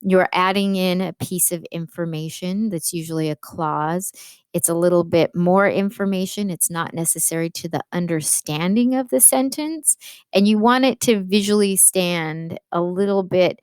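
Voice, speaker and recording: Woman, English teacher, patient lecture, lots of fillers, smooth clear voice. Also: on the low side, steady tone, normal speed, no echo. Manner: patient, explanatory, with frequent fillers. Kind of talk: classroom lecture.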